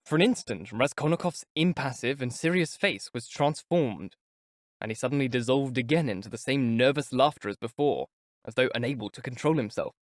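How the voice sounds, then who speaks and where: In a dry, studio-quality recording, a mid-range male voice reads a classic novel aloud as an audiobook narrator. His scripted delivery is both measured and expressive.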